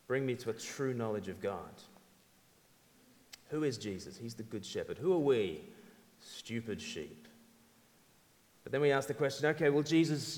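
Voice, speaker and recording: A man preaching a sermon in an animated, emphatic way, acting out quotes. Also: mid-range voice. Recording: long hall reverb.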